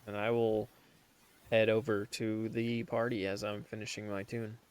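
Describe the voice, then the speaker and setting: A man playing a bard in a tabletop game, speaking in character in a slow, measured way. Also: lowish voice, little pitch movement, clear, resonant tone. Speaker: player.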